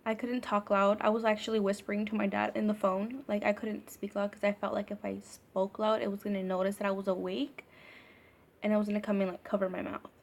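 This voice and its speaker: Woman doing a storytime vlog, super casual, says like constantly, swears a lot, medium-pitched voice. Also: flat delivery, fairly quick, creaky. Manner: casual and profane, heavy use of filler "like". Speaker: vlogger.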